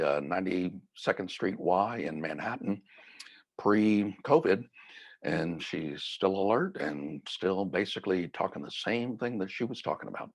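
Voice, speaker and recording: A middle-aged man giving a reflective, gently conversational mindfulness talk. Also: deep voice, creaky, husky. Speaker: mindfulness teacher.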